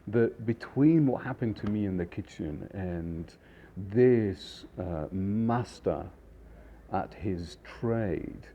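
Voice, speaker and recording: A man, a chef, telling stories from his career in a rambling, animated way with many fillers. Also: lowish voice, slow pace, slight background noise. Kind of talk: casual storytelling.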